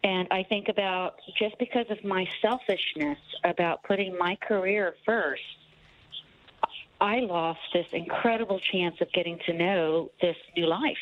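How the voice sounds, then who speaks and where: A woman calling in to a radio show to share a personal story, earnest and halting, often repeating words. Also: lowish voice. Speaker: caller. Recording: tinny phone line.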